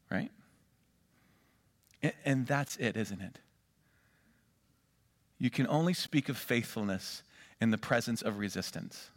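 A man preaching a sermon as pastor, animated and rhythmic, building up emphasis as he speaks. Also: medium pitch, a little slow, pauses often, no echo.

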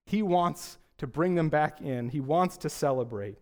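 A man's voice: a little high, measured pace, hardly any pauses, a little mellow. A young adult male pastor preaching a sermon in a conversational way, often asking rhetorical questions.

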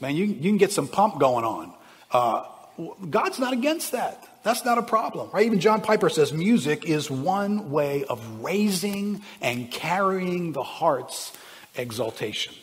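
Male pastor, animated sermon delivery, fairly high voice, reverberant sanctuary. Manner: animated, swings between loud bursts and hushed asides.

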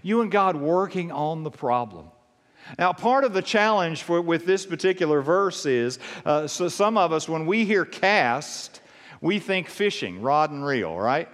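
A man preaching a sermon as pastor, emphatic and animated, repeating key phrases. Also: fairly high pitch, measured pace, long reverb tail.

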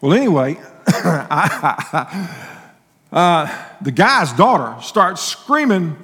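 A man's voice: fairly high pitch, big pitch swings, very slow, fairly bright tone, in a large hall, slight background noise. A male pastor giving a sermon in a folksy, conversational way, telling personal stories with restarts and laughing asides.

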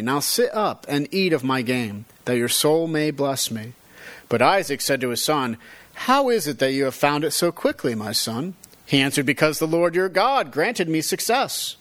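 A man's voice: a little high, fairly bright tone. Man reading and explaining scripture. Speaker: Bible teacher.

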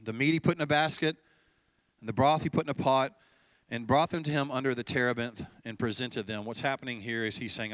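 A man preaching a sermon as pastor, telling stories in a relaxed, conversational way and acting out bits of dialogue. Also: mid-range voice, fairly quick, no room sound. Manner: conversational storytelling, acting out dialogue with light laughs.

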